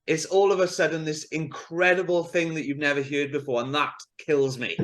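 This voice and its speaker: Welsh man, fairly high voice, casual podcast chat, exasperated, earnest. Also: level tone, moderate pace, fairly bright tone. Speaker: podcast co-host, agility instructor.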